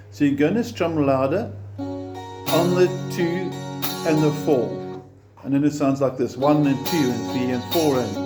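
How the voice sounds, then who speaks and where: A man teaching a beginner guitar lesson step by step, patient and encouraging, counting the beats aloud. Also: a little high.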